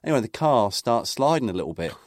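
A man's voice: medium pitch, very animated, fast, no echo, clean studio sound. A middle-aged man, a podcast co-host, telling rambling football anecdotes in casual chat, full of fillers and restarts.

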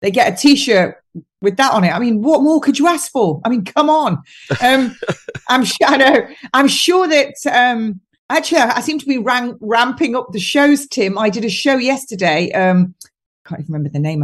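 A woman with a somewhat high voice chats loosely on a podcast. She tells stories with a mocking, joking edge and breaks into laughs often. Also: animated, normal speed. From United Kingdom. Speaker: guest nutritionist. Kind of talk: casual podcast chat.

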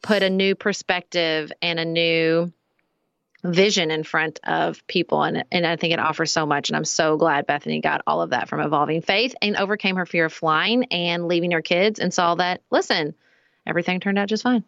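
Animated woman co-host, lower voice. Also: moderate pace, creaky, no echo, muffled recording. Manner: animated, playful, puts on voices when quoting. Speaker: podcast co-host. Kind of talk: casual chat.

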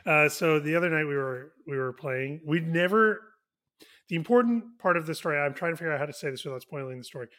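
A man with a fairly high voice tells a lively story on a casual podcast. He is in his thirties and breaks into quick asides as he talks. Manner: animated anecdote-telling, quick asides. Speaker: podcast co-host.

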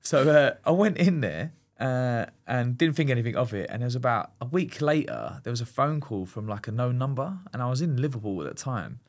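A man in his thirties rambles through an anecdote as a podcast guest, stopping and restarting with lots of fillers. He tells it in a relaxed, chatty way, in an even middle register. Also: medium pitch, fairly quick, few pauses. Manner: rambling, animated storyteller with many fillers and restarts. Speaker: former goalkeeper, podcast guest. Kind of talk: casual storytelling chat.

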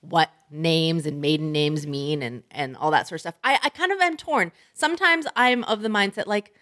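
A woman co-hosting an advice podcast, animated and frank, laughing often and swearing casually. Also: low-pitched, moderate pace. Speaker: podcast co-host.

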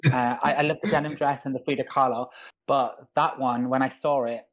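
A man's voice: medium pitch, steady tone, fairly quick. Enthusiastic male interview host. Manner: enthusiastic, gushing. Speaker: podcast host. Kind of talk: casual interview chat.

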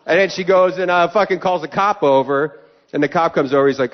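A male comedian telling a profane, ranting story on a live podcast, building up to shouts. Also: fairly high pitch, steady tone, fast. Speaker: comedian guest. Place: live venue stage. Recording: dull live stage audio with long reverb.

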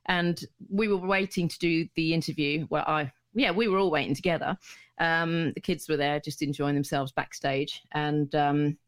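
A woman's voice: low voice, fairly even intonation, normal speed. A middle-aged woman, a radio DJ telling stories in a casual, rambling chat full of restarts and laughter. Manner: rambling and chatty, many restarts, laughs easily. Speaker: radio DJ, guest.

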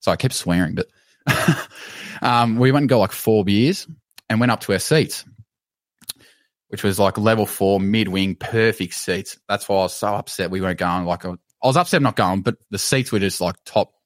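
A man's voice: fairly low pitch, moderate pace, no room sound. Swearing Australian man telling a story. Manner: animated, swears freely, laughs through his story. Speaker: podcast co-host. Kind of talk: casual storytelling.

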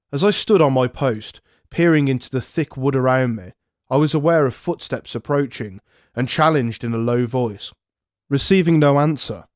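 A man narrating a historical memoir aloud, in a measured first-person storytelling manner. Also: medium pitch, a little mellow, dry recording, studio quality. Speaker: podcast narrator.

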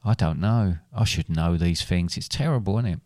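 A man's voice: low voice, moderate pace, a little mellow, dry recording. A man, a father co-hosting a podcast, chatting casually with his son and teasing him dryly. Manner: dry, teasing banter. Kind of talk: casual chat.

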